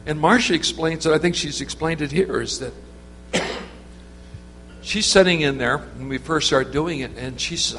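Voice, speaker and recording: A man's voice: on the high side, moderate pace, sharp tone. Rambling man preaching in a reverberant hall. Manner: rambling, conversational, with many restarts and fillers. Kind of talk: informal sermon with storytelling. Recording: reverberant hall with faint hum.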